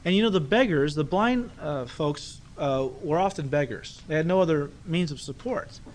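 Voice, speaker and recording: Man, pastor, sermon, conversational, rhetorical questions, fairly high voice. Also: lively intonation, normal speed, slight background noise. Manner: conversational, asks rhetorical questions, acts out the people in the story.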